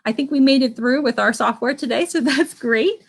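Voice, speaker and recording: Children's church teacher, woman, slightly high-pitched, encouraging, patient. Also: normal speed, creaky. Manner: gentle, encouraging, asks kids questions. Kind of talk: online children's church lesson. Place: at home.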